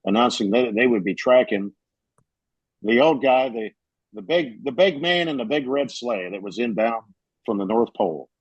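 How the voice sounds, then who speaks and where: A man's voice: medium pitch, lively intonation, moderate pace, breathy edge, no room sound, dull audio. A man on a podcast telling a story in casual chat, rambling with fillers and restarts.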